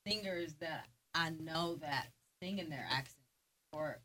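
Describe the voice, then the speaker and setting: A woman's voice: sits low, measured pace, sharp tone. A woman in a casual group chat, speaking in a thoughtful, hesitant way.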